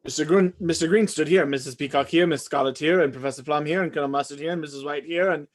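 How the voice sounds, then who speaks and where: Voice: mid-range voice, fast, close to an everyday voice. A reader voicing a frantic male butler in a live script reading, racing through the recap with sudden yelps.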